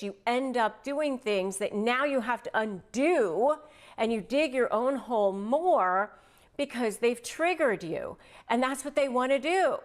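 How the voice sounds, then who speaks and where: A woman hosting an advice video, speaking straight to the viewer and acting out sample replies in quotes. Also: on the high side. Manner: animated, acts out sample lines in quotes. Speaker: family law attorney and video host. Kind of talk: direct-to-camera advice talk.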